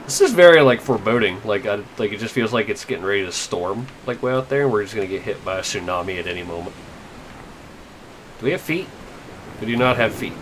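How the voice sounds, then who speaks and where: A man's voice: on the low side, animated, fast, fairly bright tone, slight background noise, rough recording. A young man giving casual, rambling gameplay commentary, wry and full of fillers and swearing. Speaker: let's play gamer. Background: faint game music.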